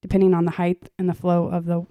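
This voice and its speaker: A woman's voice: fairly low pitch, completely flat delivery, quick pace, dry recording, dull audio. A middle-aged woman co-hosting a podcast, chiming in and plainly explaining things to listeners. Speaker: podcast co-host. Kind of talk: casual chat.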